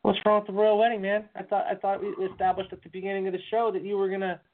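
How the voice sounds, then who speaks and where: A man's voice: high-pitched, little pitch movement, racing, phone-quality sound. A man hosting a podcast, joking in a sarcastic, crude way. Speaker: podcast host. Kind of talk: casual podcast banter.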